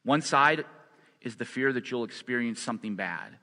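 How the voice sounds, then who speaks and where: A man's voice: mid-range voice, expressive, normal speed, sharp tone. A male pastor preaching a sermon, stressing his points by repeating phrases. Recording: long hall reverb.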